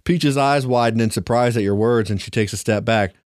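A man's voice: medium pitch, a little fast, no echo, studio quality. A man reading aloud the narration of a story game for his friend, laughing often. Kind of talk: reading game text with banter.

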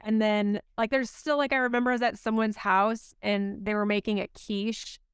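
A woman's voice: medium pitch, fairly even intonation, normal speed, clear, resonant tone, dry recording, clean studio sound. A woman co-hosting a podcast in casual chat, rambling and filling her speech with "like". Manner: rambling, heavy use of "like". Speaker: podcast co-host.

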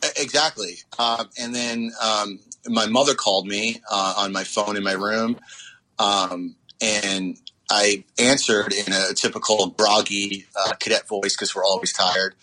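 Bright-voiced man with a halting delivery. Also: on the low side, steady tone, poor audio. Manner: halting, many fillers and restarts. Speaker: interview guest. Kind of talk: personal recollection interview.

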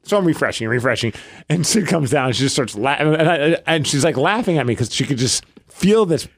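A man in his thirties telling a story on a podcast, his voice a bit high and swinging widely up and down as he acts out what everyone said. The sound is dry and close, with no room around it. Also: fairly quick, husky, no room sound. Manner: animated storytelling, acts out quotes. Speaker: podcast co-host. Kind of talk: casual chat.

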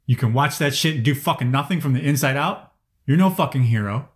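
A man's voice: medium pitch, expressive, brisk. A man ranting angrily in casual conversation, swearing heavily as he vents. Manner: angry, profane ranting. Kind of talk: casual chat.

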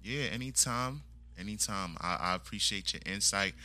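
A man's voice: on the low side, normal speed, bright, forceful tone. A man appearing as a podcast guest, chatting in a laid-back, slangy way. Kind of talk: casual podcast chat.

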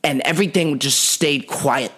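Wry, rambling man telling a story, voice pitched a touch high. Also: moderate pace, fairly bright tone. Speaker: podcast host. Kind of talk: comedic storytelling monologue.

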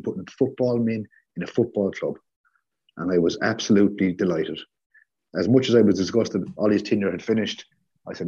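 A man ranting sarcastically on a fan podcast, animated and swearing freely. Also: fairly low pitch, slightly rough. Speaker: podcast co-host. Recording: slightly dull lo-fi audio.

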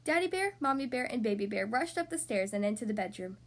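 A woman hosting a podcast, reading a storybook aloud to young children in an expressive, animated way. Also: on the high side, fast talker.

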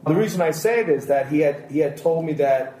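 Brisk and warm, this co-host's voice sits on the high side with lively intonation. He tells long stories packed with quoted dialogue during a casual podcast roundtable. Roomy echo and faint background hiss color the recording.

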